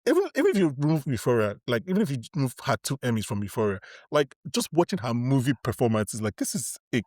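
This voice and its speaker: A man hosting a podcast, chatting casually about films in a rapid, animated way and laughing often. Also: medium pitch, no echo, clean studio sound. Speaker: podcast host. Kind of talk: casual film chat.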